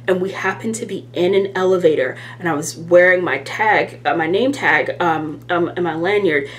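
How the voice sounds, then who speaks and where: A woman vlogger talks casually to camera in a slightly low voice. Her talk is rambling and self-deprecating, full of ums and restarts. A faint hum sits underneath her voice. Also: normal speed. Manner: chatty and self-deprecating, with many fillers. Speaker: planner vlogger.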